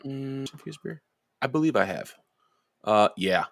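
A man in casual chat, telling crude drinking stories with lots of swearing and animated quoted voices. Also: mid-range voice, unhurried, no room sound, studio quality. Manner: profane storytelling, lively quoted voices.

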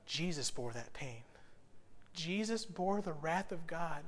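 A pastor delivers a sermon in a high, bright-edged voice. He moves from quiet, earnest passages to loud, emphatic bursts. His voice rings with a long reverb in a church sanctuary. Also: expressive, slow. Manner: conversational, swings from hushed earnestness to loud bursts.

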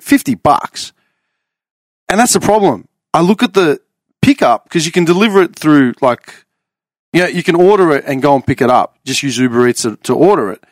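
A man's voice: fairly high pitch, no echo, clean studio sound. A man, joking and swearing in casual podcast banter.

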